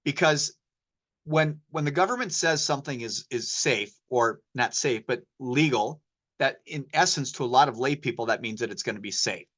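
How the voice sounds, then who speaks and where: A man's voice: mid-range voice, normal speed, fairly bright tone. Casual-talking man giving a medical lecture. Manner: casual, anecdotal, sprinkles in slang. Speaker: poison control specialist and presenter.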